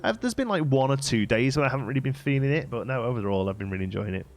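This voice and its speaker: A man's voice: medium pitch, animated, rapid-fire. A man from England, rambling casually as he hosts a game livestream and answers his chat. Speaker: livestream host.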